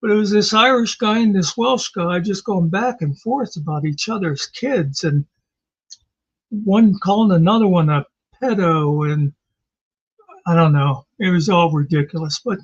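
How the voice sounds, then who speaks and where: High-voiced slow rambling man. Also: dull audio. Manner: rambling, sarcastic, with profanity. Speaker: commentary channel host. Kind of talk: casual recap commentary. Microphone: home mic, off camera.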